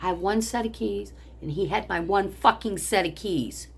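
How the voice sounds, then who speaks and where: A woman's voice: medium pitch, normal speed, vocal fry, husky. An older woman vlogger telling a story angrily, in a heated, profane rant. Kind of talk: angry personal storytelling.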